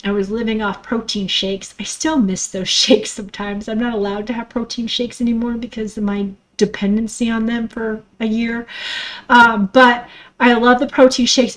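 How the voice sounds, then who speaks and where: A woman's voice: on the high side, poor audio. A middle-aged woman hosting a podcast, talking in a raw, emotional personal monologue, swearing freely and acting out her own thoughts, with a stuffy nose. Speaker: podcast host.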